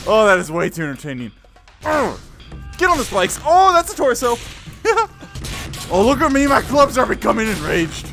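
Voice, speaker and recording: An excitable gaming host chats casually through a let's-play, breaking into laughter and exclamations. The voice swoops up and down. Faint game music plays underneath. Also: medium pitch, measured pace, gravelly, long pauses.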